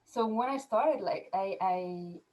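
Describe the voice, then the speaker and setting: A woman's voice: medium pitch, takes it slowly, lo-fi sound. A middle-aged woman with a French accent, a guest in a casual interview, talking with many fillers and restarts. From France. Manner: hesitant, many fillers and restarts, laughs easily. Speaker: guest, mindset coach.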